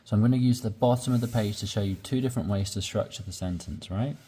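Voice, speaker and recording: A man's voice: on the low side, fast, mellow, breathy edge. A man teaching English conversation, explaining sentence structure step by step and often checking in with "right?".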